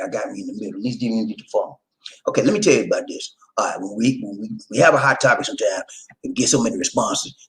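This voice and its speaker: A man's voice: fairly low pitch, poor audio. A man hosting a casual livestream, chatting with viewers, laughing and giving sing-song introductions. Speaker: livestream host.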